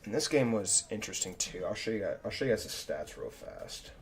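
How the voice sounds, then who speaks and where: A man's voice: lowish voice, very animated, brisk, creaky, faint music behind. Casual young man reviewing his chess games. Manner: casual, slangy, thinks aloud with restarts. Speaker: chess streamer. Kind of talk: live game review commentary.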